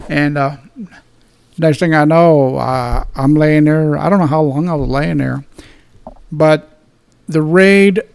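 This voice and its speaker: A man's voice: fairly high pitch, creaky, darkish tone. A man in his seventies from Texas, a retired police detective telling a story in an interview in a plain-spoken, blunt way and often restarting and repeating his words. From Dallas, Texas. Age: 70s.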